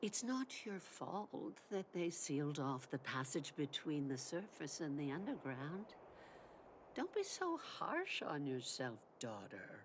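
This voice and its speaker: An actress voicing a gentle, loving old mother in a video game, speaking slowly and tenderly. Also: deep voice, sing-song, slight background noise, exaggerated voice. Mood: reassuring. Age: older. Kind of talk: game voice acting. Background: game music.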